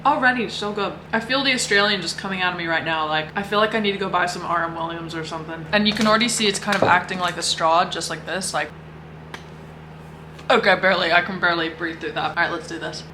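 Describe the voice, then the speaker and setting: A woman's voice: on the low side, fast talker, roomy sound. Young american girl vlogging, chatty and upbeat, faint noise in the room. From United States. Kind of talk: casual vlog narration.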